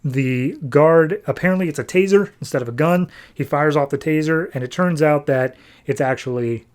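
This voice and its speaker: A man's voice: fairly high pitch, normal speed. A male podcast host recapping a comic in a wry, chatty way.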